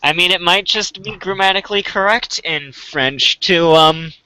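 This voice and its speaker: A man's voice: high voice, moderate pace, pushed and bright, clear, resonant tone, low-quality recording. A man co-hosting a podcast who talks in a hesitant, questioning way.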